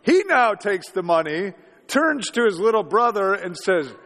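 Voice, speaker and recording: Male pastor, 40s, high voice, conversational sermon with rhetorical questions, reverberant church hall. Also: sing-song, a little slow, a bit bright.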